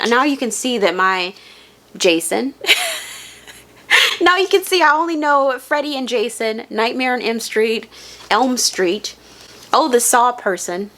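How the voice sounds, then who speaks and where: Woman vlogger, casual unboxing chat, rambling, filler-heavy, fairly high voice. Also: a bit bright. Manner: chatty and rambling, heavy use of "like". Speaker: book vlogger. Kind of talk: casual unboxing and reading vlog.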